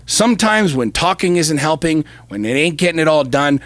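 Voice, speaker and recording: A man delivering a heated podcast rant in a slightly high voice, punching his points with profane repetition. He jumps between loud bursts and low, intense stretches. The sound is close and dry. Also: animated, moderate pace, dry recording. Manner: forceful, profane, emphatic repetition; swings from shouting to low intensity. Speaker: podcast co-host.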